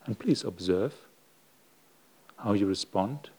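Monk giving a sermon, mellow male voice, slow and reflective with long pauses. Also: lowish voice, lively intonation, husky. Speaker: Buddhist monk giving a Dhamma talk. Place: monastery hall.

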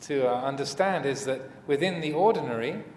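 A man teaching as a Buddhist monk in a dharma talk, speaking hesitantly with many fillers and restarts and gentle humor. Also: medium pitch, animated, fairly quick. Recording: echoey hall, faint room noise.

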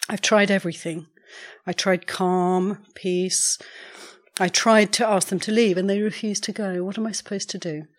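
A woman's voice: medium pitch, steady tone, normal speed, close to an everyday voice. A woman voicing a desperate young male monk, pleading frantically in a story she is telling.

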